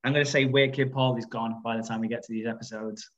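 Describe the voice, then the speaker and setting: A man hosting a podcast, chatty and easygoing, laughing often and filling pauses with little sounds. His voice is medium in pitch, and the recording sounds a bit dull. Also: fairly even intonation, a bit bright. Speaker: podcast host. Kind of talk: casual podcast chat.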